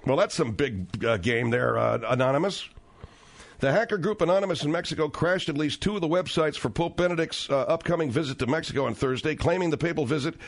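Man hosting talk radio, sarcastic, slangy, pitch jumps around a lot. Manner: wry, sarcastic, slangy, many fillers. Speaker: radio talk show host. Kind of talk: radio talk show commentary.

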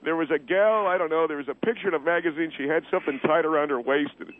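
A man's voice: on the high side, fast talker, slight background noise, voice pushed up, lightly acted. A man voicing a whiny, easily offended male caller who talks defensively over a phone line. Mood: indignant.

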